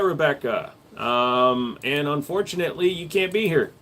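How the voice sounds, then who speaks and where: A man's voice: mid-range voice, lively intonation, moderate pace, few pauses, fairly bright tone. A man hosting a live stream, answering viewer questions in a blunt, matter-of-fact way. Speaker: live stream host and gun store owner.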